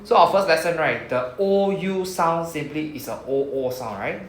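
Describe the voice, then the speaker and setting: A man's voice: fairly high pitch, normal speed, roomy sound, a little hiss or hum. A man with a Singaporean English accent teaching a Japanese class in a chatty, casual way, drawing out sounds as he models words.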